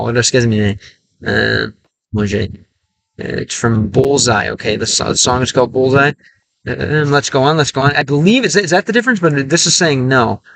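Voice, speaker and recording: A man streaming a game, chatting casually and thinking aloud in a halting, self-correcting way. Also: medium pitch, creaky, fairly bright tone, low-quality recording. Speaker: language-learning streamer. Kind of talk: casual livestream chat while gaming.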